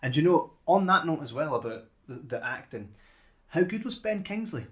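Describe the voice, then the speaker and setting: A man's voice: a little high, very animated, normal speed. A man co-hosting a podcast in casual chat, often repeating words as he starts a sentence. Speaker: podcast co-host.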